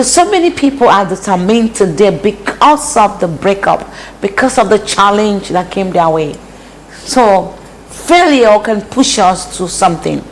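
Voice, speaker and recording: Slow, preachy woman cooking. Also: medium pitch, a little hiss or hum, poor audio. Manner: preachy, repeats phrases for emphasis. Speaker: host. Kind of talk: casual cooking vlog talk. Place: home kitchen, indoors.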